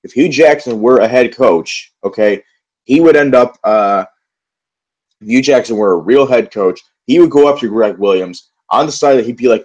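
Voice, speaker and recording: A man's voice: mid-range voice, moderate pace, a little mellow, highs cut off. A young man in a solo football recap vlog, frustrated and profane, rambling with many fillers and restarts. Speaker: sports vlogger. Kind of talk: angry solo football rant.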